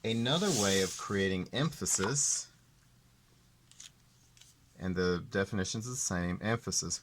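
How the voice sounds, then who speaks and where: A man teaching art, explaining ideas slowly and deliberately and repeating the key terms. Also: low voice, slight background noise. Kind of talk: classroom explanation.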